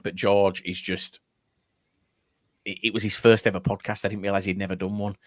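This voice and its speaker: A man's voice: lowish voice, moderate pace, dry recording. A man co-hosting a football podcast, telling stories in casual chat and acting out the quotes. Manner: animated storyteller, acts out quotes. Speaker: podcast co-host.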